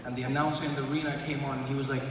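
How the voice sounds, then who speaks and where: A man doing stand-up comedy on stage in a large arena, animated and slipping into voices and sung bits. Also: mid-range voice, racing. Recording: echoey arena from far off, noisy. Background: crowd laughter.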